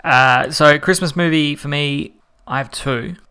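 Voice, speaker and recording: A man chatting casually as a podcast guest, relaxed with hesitant pauses. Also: fairly high pitch, smooth. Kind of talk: casual chat.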